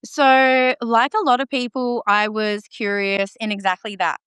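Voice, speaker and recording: Confident woman guest, smooth clear voice. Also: a little high, level tone, unhurried, a bit bright, dry recording. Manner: confident, emphatic, playful. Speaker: podcast guest, green witch. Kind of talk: casual chat.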